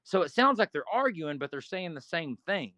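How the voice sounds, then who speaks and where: A middle-aged man telling a casual, profane story in an interview, with animated asides. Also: on the high side, moderate pace, no room sound. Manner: profane, animated, acts out quoted arguments. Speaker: interview guest.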